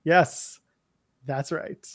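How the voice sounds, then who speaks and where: A man's voice: extremely slow, a bit bright, no room sound, studio quality. A man co-hosting a casual wrestling podcast, opinionated and snarky as he runs through lists. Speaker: podcast co-host.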